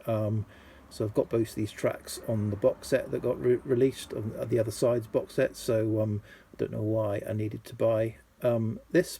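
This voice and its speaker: Bloke with a low husky gravelly voice, chatty record haul vlog, loads of ums. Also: male voice, dark tone. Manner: chatty, hesitant, lots of ums and restarts. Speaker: vinyl collector vlogger. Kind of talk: casual rambling show-and-tell.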